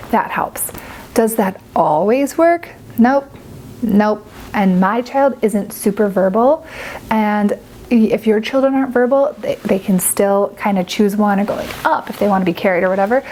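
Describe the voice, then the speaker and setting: A woman's voice: medium pitch, a little mellow, slight background noise, rough recording. A young adult woman giving casual, earnest parenting advice to camera, chatty and full of filler words. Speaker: parent vlogger.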